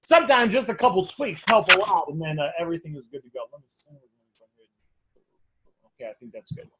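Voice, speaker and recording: A man coaching a live class on sales offers, energetic and repetitive, often calling his listeners guys. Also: high voice, fairly quick, very noisy. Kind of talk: live online teaching session.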